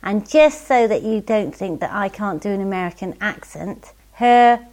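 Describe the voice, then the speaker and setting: A woman's voice: medium pitch, moderate pace, darkish tone. A woman hosting a casual podcast, chatty and giggly, reading out listener emails. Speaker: podcast host.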